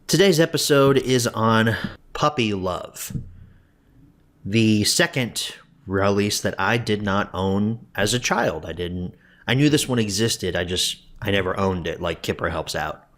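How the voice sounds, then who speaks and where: Low-voiced man hosting a review vlog. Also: a little slow, fairly bright tone. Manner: mock-sobbing, exaggerated emotional outbursts at the start; conversational, with frequent restarts and asides. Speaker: host of a home media review show.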